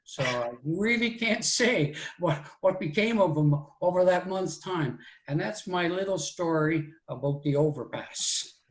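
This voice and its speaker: In a live storytelling set, a man in his 60s shares a childhood memory with a folksy, meandering style full of "so anyway" and "right?". As the guest storyteller, his high-pitched voice is animated yet unhurried, and the roomy audio is low in quality.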